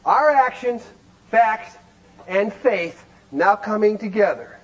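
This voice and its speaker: High-voiced folksy man teaching a group. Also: lively intonation, slow, highs cut off. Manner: folksy, emphatic, rhetorical questions. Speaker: recovery meeting speaker. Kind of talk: animated teaching talk.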